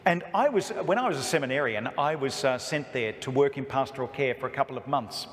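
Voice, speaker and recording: Australian priest giving an echoing parish talk. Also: male voice, medium pitch, animated, brisk. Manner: storytelling, emphatic, humorous. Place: church. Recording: echoey church hall reverb.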